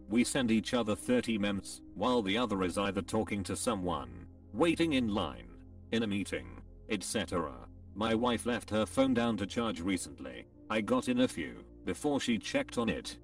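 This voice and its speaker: A man's voice: fairly low pitch, far from the mic. A man's computer-generated voice reading forum posts aloud, including the punctuation marks. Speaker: narrator reading online posts.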